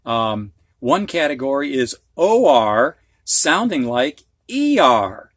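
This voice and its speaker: A reading teacher with a Midwestern American accent patiently explains words with examples and asides during a phonics lesson. His mid-range voice is fairly bright, slow, and swings widely in pitch, recorded dry with clean studio sound.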